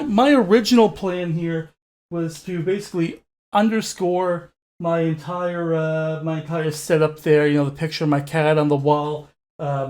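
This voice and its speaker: A man's voice: fairly high pitch, a little mellow. A man reviewing a gadget at home in a casual, candid way, often hesitating with fillers and restarts. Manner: candid and chatty. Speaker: tech reviewer. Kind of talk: casual unscripted product review. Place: home room with wall panels.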